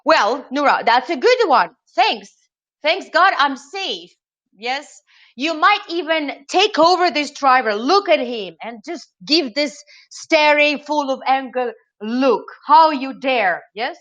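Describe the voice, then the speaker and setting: A woman running an online training webinar, lively and asking her audience questions. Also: high voice, unhurried. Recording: slightly dull lo-fi audio.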